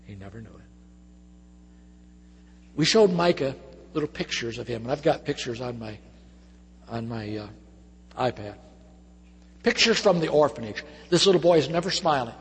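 A middle-aged man preaching a sermon as a pastor, swinging between loud emphasis and soft hushed moments. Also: mid-range voice, expressive, moderate pace, long pauses, slightly rough. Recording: reverberant church hall.

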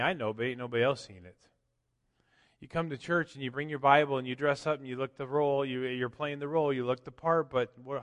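A man preaching a sermon as pastor, swinging from loud emphatic lines to quiet asides. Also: mid-range voice. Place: church. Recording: long church hall reverb.

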